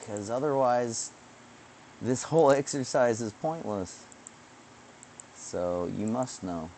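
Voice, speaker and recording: Male streamer, casual rambling monologue, slow drawl, profane, self-mocking, mid pitch. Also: mellow, slight background noise.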